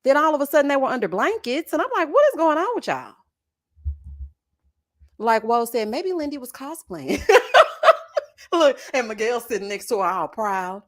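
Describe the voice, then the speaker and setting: A woman hosts a reality TV reaction show, chatting in a sassy way, laughing loudly, and calling her viewers honey and child. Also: fairly high pitch, lively intonation, fairly quick, few pauses. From Texas. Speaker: host of a reality TV reaction channel. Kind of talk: casual reaction commentary.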